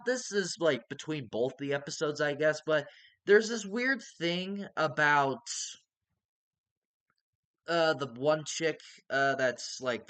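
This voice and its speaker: A man's voice: mid-range voice, a bit bright. A man casually reviewing a TV show, rambling and hedging, with casual swearing.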